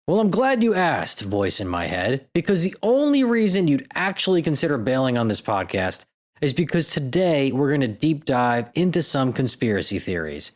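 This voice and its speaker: A young man hosts his own podcast in a loose comedic monologue, full of sarcasm, self-mockery and casual swearing. His pitch swings widely from line to line. He sits at a middle pitch for a man. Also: very animated, moderate pace. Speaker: podcast host.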